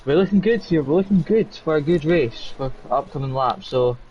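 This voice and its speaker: A man co-commentating a sim race in a loose, halting way, full of likes and uhs. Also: on the high side, lively intonation. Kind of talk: live esports race commentary. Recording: dull lo-fi mic with faint noise.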